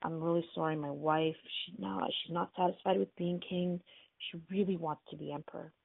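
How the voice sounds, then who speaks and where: A woman's voice: fairly low pitch, expressive, normal speed, gravelly, slightly rough, no echo, heavily acted. A woman voicing a timid, apologetic fisherman who is easily awed, over a tinny phone-like line. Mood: sheepish. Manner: hesitant, sheepish, gushing when amazed.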